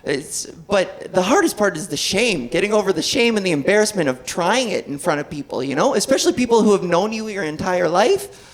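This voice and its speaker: A woman in her thirties performs a live stand-up set on a club stage, wry and self-deprecating. Her medium-pitched voice has lively intonation and runs a little fast, with audience laughter in the recording.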